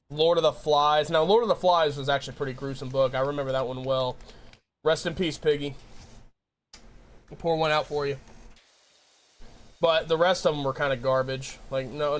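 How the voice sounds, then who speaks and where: A man's voice: fairly high pitch, little pitch movement, moderate pace, long pauses. A man chatting casually on a live stream, joking and ranting in a rambling way and laughing often.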